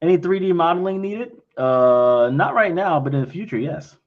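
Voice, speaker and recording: A man's voice: fairly high pitch, lively intonation, moderate pace, narrow, tinny audio. A man answering investor questions in a casual livestream, talking bluntly and frankly, often acting out both sides of conversations. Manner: blunt and frank, acts out quoted exchanges.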